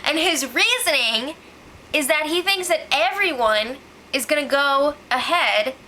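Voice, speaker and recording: Bright high-voiced woman recapping excitedly. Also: unhurried, slight background noise, rough recording. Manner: animated, exclaiming, acts out quotes. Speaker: show recap host. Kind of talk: casual spoiler recap chat.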